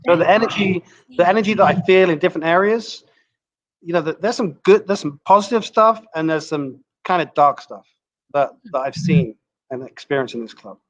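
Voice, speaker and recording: A man's voice: on the high side, expressive, a little fast, a bit bright. Male guest, London accent, easygoing and dry, muffled lo-fi call. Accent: Southwest London English. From England. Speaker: guest, comedy club manager. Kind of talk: casual interview.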